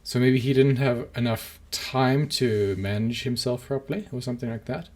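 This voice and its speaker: A man's voice: medium pitch, normal speed, a little mellow. A man co-hosting a podcast, chatting casually and rambling, with lots of fillers and restarts. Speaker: podcast co-host.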